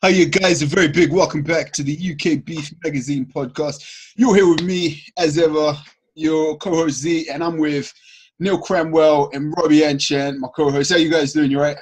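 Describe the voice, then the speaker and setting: A man's voice: a little high, fairly even intonation, moderate pace, husky. A man hosting a podcast, chatty and upbeat as he welcomes guests and asks questions. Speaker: podcast host.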